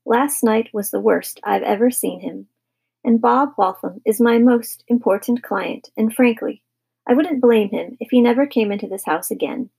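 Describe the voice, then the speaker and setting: A woman's voice: fairly high pitch, moderate pace, creaky, husky. A woman voicing a grumpy, fierce father who is fed up with his son in a storybook reading. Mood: exasperated. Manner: stern, exasperated, shouting.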